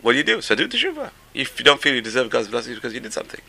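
A man teaching a Torah class as a rabbi, animated and exclamatory, dropping to soft asides and rising to loud emphasis. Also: medium pitch, rapid-fire, vocal fry.

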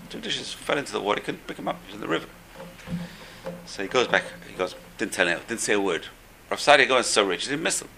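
A man's voice: mid-range voice, creaky, pushed and bright, slight background noise. A man giving a storytelling religious class, repeating phrases for emphasis.

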